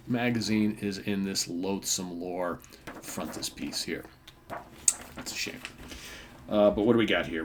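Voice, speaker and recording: Deep-voiced rambling man in his fifties. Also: darkish tone, slight background noise. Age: 50s. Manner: rambling, filler-heavy, with many asides and tag questions. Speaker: comic book podcast host. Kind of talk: casual show-and-tell commentary.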